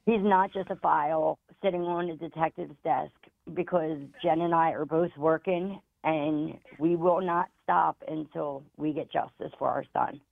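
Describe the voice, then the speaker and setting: A woman's voice: deep voice, steady tone, unhurried, vocal fry, few pauses, no echo. A middle-aged woman speaking as a guest caller in an interview, earnest and determined. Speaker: grieving parent, guest caller. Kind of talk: emotional interview talk. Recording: tinny phone line, dry.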